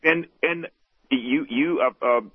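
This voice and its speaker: A man's voice: medium pitch, slow, husky, no room sound. A man calling in to a radio show, emphatic and worked up, joking and flirting with the host. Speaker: radio caller. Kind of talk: phone-in talk radio. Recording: dull lo-fi radio broadcast.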